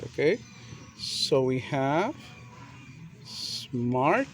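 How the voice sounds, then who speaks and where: A man teaching a grammar lesson, repeating and spelling out words slowly and deliberately. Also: a little high, animated. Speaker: English teacher.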